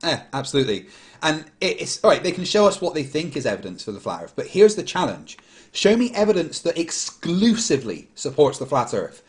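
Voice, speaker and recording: A man's voice: on the high side, very animated, brisk. A man hosting a casual livestream, reading super chats aloud in a blunt, dismissive way. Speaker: host.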